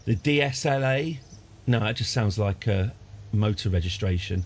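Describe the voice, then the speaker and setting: Streaming a space game, this UK man talks at a moderate pace in an expressive, lowish voice. His rambling live commentary is chatty and self-deprecating, and he's prone to ranting and restarting.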